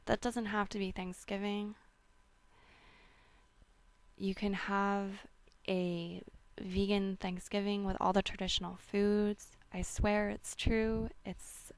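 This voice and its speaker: A woman speaks slowly and unhurriedly, her voice smooth yet gravelly with vocal fry. She gives wellness tips in a rambling, casual way, full of ums and restarts, and the recording is dry and close. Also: medium pitch, darkish tone, no room sound. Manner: slow, rambling, with many fillers and restarts. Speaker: wellness host. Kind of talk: casual advice talk.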